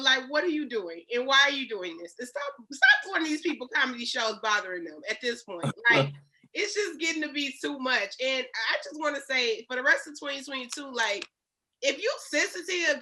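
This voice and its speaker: A woman's voice: high voice, sharp tone. A woman in a casual podcast chat, speaking bluntly and playfully.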